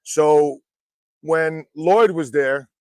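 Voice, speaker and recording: Brief: high-pitched male wrestling trainer, lively and foul-mouthed storyteller, close dry mic. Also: extremely slow, clear, resonant tone, dry recording. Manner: animated, profane anecdotes. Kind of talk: casual podcast storytelling.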